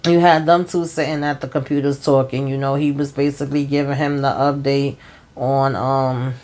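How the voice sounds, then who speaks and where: A TV show recap host talks at a moderate pace in a very deep, slightly mellow voice with flat delivery. Her recap of the episode is casual and rambling, full of "um" and "you know," and she speaks straight to her viewers.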